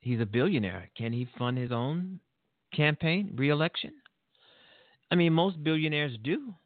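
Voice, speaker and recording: A man's voice: a little high, expressive, unhurried, no room sound. A man hosting his own show, giving rambling, indignant political commentary with laughter and restarts. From Illinois, USA. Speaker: show host. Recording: dry tinny phone-like sound.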